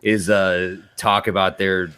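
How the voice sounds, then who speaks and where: A man's voice: low voice, flat delivery, slow pace, sharp tone, smooth. A man guesting on a podcast, rambling through profane sports talk and laughing often. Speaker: podcast guest and host of another podcast. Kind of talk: casual podcast chat.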